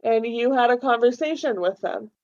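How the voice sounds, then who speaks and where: Young female podcast guest, slightly high pitch, lo-fi sound, chatty, acts out quotes. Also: moderate pace, a little mellow. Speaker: podcast guest, host's wife. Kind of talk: casual chat.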